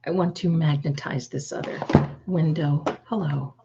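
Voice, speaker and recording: A woman's voice: low voice, fairly even intonation, measured pace, vocal fry, dull audio, very noisy. A woman hosting a tarot livestream in casual chat, affectionately calling her viewers "my darlings" while fiddling with her setup.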